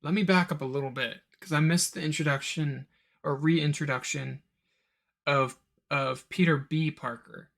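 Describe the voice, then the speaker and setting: A man's voice: fairly even intonation, gravelly, fairly bright tone. A man hosting a solo podcast and reviewing a film, rambling with asides and mimicking characters' lines. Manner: rambling, quick asides, mock-quotes characters in a higher voice. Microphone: home recording of a live stream.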